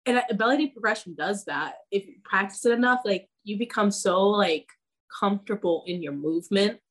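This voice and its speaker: Woman, dance teacher guest, casual and chatty, average pitch, fillers galore. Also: fairly quick. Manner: chatty, many "like" fillers, laughs often. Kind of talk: casual podcast chat.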